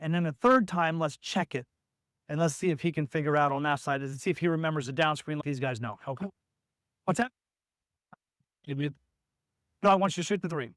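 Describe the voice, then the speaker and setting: A man coaching a basketball practice, giving instructions and calling out drills to players, sometimes acting out what they should shout. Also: a little high, a little fast, long pauses, no echo, studio quality.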